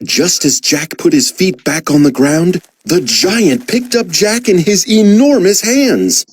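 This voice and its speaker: A woman reading a children's story aloud with expressive, dramatic emphasis. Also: on the low side, slow, few pauses, breathy edge, dry recording.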